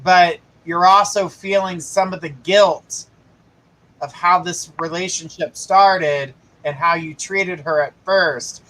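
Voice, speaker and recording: A man with a high voice hosts a live psychic reading, speaking casually and reassuringly. His tone is bright and forward. He often gives the caller direct, firm advice. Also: low-quality recording. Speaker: psychic host.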